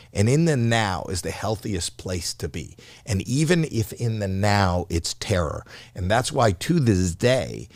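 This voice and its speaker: A man's voice: sits low, dry recording, clean studio sound. A man in his sixties, a comedian guest, telling candid, profane stories with restarts, acting out his panicked younger self. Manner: animated, acts out his old stage panic in a raised voice; profane, repeats and restarts mid-sentence. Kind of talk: candid storytelling in a podcast interview.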